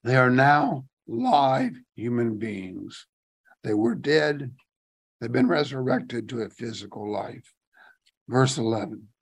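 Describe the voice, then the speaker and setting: A man's voice: mid-range voice, big pitch swings, slow pace, vocal fry, slightly rough. A man leading a Bible study, reading scripture aloud and commenting on it in casual asides, rising emphatically on key phrases. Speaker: Bible teacher.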